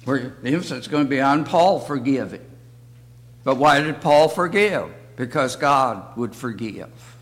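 An older man teaching a church Bible lesson in slow, halting short phrases. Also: mid-range voice, animated. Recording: long reverb of a hall.

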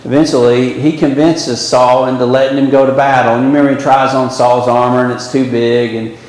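A man's voice: medium pitch, little pitch movement, brisk, a little mellow. A man teaching a Bible class, rambling with many fillers and restarts and pushing rhetorical questions up with emphasis. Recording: echoey hall with long reverb.

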